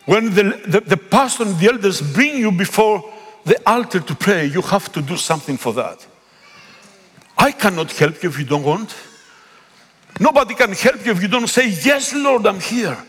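A man whose first language is Greek, preaching a sermon in a church, pleading and rising to loud calls. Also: high voice, animated, moderate pace, husky. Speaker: pastor. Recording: long echo of a big hall.

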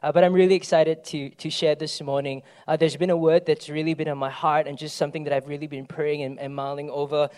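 High-voiced pastor preaching. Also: male voice, quick pace, few pauses, smooth. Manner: conversational, animated storytelling with frequent "right?". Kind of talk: sermon.

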